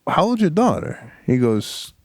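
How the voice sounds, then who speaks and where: A man's voice: a little high, very animated, a little slow, no echo, clean studio sound. A man co-hosting a podcast in casual chat, a father, reflective and searching for words as he talks. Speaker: podcast co-host.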